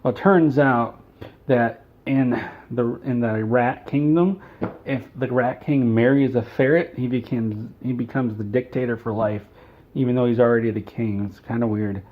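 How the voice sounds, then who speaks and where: A man telling an absurd comic story with a rambling, deadpan delivery. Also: medium pitch, normal speed, phone-quality sound.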